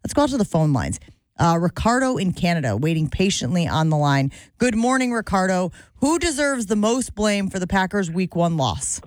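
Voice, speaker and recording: Low-voiced woman hosting sports talk radio. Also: big pitch swings, normal speed, dry recording. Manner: conversational, takes calls, reads stats.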